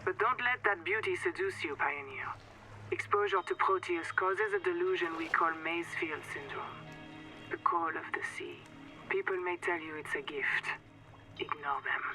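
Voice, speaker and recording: An actress with a French accent voicing a calm, wary woman surgeon who briefs a stranded castaway in a video game, in an earnest, measured way. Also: lowish voice, soft background music, low-quality recording. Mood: warning. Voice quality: measured, earnest warning delivery. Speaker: game character, colony surgeon.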